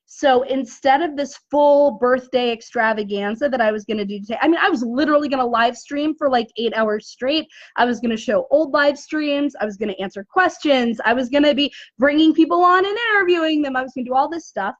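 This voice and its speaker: A woman business coach speaks in a high voice, talking straight to her live-stream audience from a dim room. She works through rhetorical questions and keeps checking in with "right?". The audio is dull and lo-fi. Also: a little fast, hardly any pauses, dry recording. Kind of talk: motivational live-stream talk.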